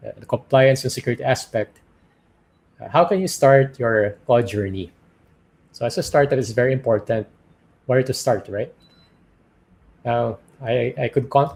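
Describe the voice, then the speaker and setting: A man's voice: mid-range voice, darkish tone. A man with a Filipino accent presents at a startup conference, explaining step by step and often checking in with his listeners. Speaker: conference speaker. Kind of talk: business presentation.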